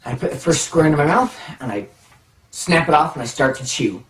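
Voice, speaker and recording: Male storyteller, animated and playful, slightly high voice, echoey room, set back from the mic. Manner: animated, drawn-out pauses, playful suspense. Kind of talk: personal anecdote storytelling. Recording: roomy, from a distance.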